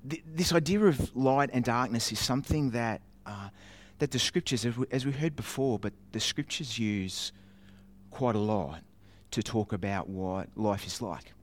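A man preaching in a chatty, self-mocking way, telling a childhood story with animated voices and sound effects. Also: medium pitch, normal speed. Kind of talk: storytelling sermon.

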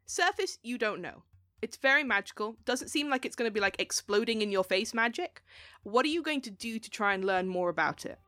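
A woman's voice: on the high side, animated, fairly quick, bright, forceful tone, dry recording, clean studio sound. Giggly woman game master. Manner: giggly, laughs often. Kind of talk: narrating a tabletop game.

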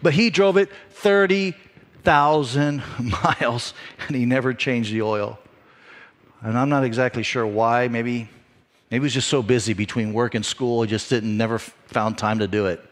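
A middle-aged man delivering a sermon, telling a personal story in a conversational, animated way with frequent restarts. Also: mid-range voice, normal speed. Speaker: pastor.

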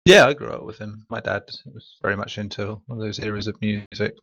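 Gravelly, husky man on a dull mic. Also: on the low side, fairly quick, a bit bright, dry recording. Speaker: podcast co-host. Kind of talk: casual podcast chat.

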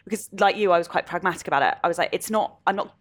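A woman's voice: fairly low pitch, very fast. A woman in casual conversation, reflecting thoughtfully on grief with personal anecdotes.

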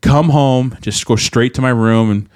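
A man's voice: mid-range voice, unhurried, a little mellow, no echo. A young man with a mid-range voice talks candidly in a podcast chat. He rambles, restarts his sentences and leans on fillers. The sound is dry and close. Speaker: podcast co-host, musician.

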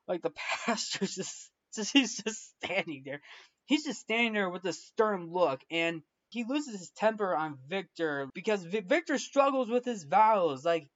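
A man rambles through a casual film recap and restarts his sentences often. His voice sits a little high. The recording is dull and lo-fi. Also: animated, moderate pace, a bit bright. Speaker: film reviewer.

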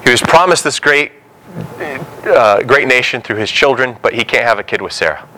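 Bright-voiced preacher man. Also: medium pitch, moderate pace, a little hiss or hum, rough recording. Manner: animated storytelling, acts out biblical dialogue. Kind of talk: sermon.

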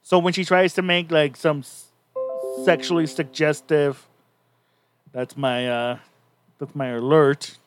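A man's voice: a little high, fairly even intonation, slow, long pauses, over music. A man co-hosting a podcast, casually recapping a story in a rambling way with many restarts. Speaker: podcast co-host.

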